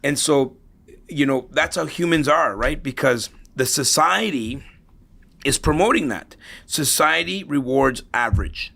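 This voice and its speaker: Middle-aged man, gravelly creaky voice, casual interview guest, storytelling, ends points with "right?". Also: medium pitch, expressive, measured pace, sharp tone. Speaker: interview guest, real estate investor.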